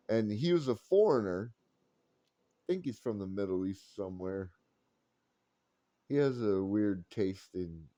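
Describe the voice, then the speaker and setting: A man's voice: on the low side, warm tone, no echo, highs cut off. A young man telling a rambling, profane story full of fillers and restarts. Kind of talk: casual storytelling.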